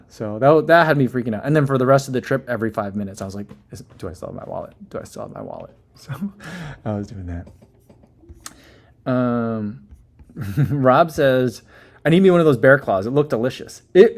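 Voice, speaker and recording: A man's voice: medium pitch, darkish tone. A man in his thirties hosting a casual livestream, reading viewer comments and chatting in a rambling way with many fillers and small laughs. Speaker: livestream host reading chat.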